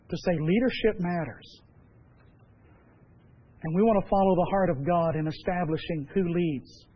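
A high-pitched male pastor delivers a sermon in an emphatic, measured way, leaning on repeated phrases. The sound is dull and lo-fi, as if from a radio broadcast. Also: slightly rough.

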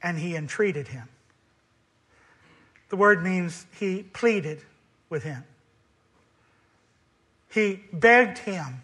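A man's voice: high-pitched, animated, very slow, pauses often, pushed and bright. A man preaching a sermon on a scripture passage, building emphasis through repetition.

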